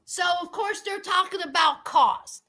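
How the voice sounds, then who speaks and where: Very high, bright, sassy woman. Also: unhurried, creaky. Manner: sassy, animated, talks straight to viewers. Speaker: reality TV commentator. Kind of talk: casual reaction commentary.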